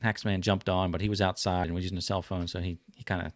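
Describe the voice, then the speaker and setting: A man's voice: low-pitched, little pitch movement, fast, dry recording. A man from New Jersey hosting a casual livestream, chatting loosely with lots of fillers. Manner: rambling, friendly, lots of fillers. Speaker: livestream host.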